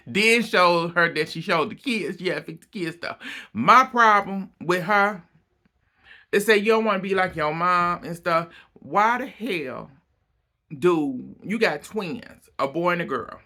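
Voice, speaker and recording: Bright-voiced man, blunt profane recap. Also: high voice, lively intonation, takes it slowly. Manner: blunt, profane, exasperated storytelling. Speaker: reality TV recap vlogger. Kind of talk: casual recap commentary.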